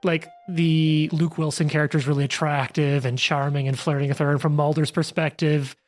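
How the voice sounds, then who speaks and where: Game master, male, loose rambling narration, quick asides, faint music under. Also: fairly high pitch, level tone, darkish tone. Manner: rambling, filler-heavy, bursts of fast asides.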